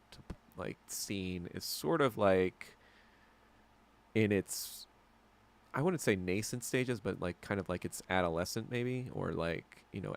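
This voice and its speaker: A man's voice: low-pitched, gravelly. An American man hosting a podcast, rambling in a crude, profane and mocking way. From United States. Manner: mocking and abrasive. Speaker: podcast host. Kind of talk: casual solo podcast rant.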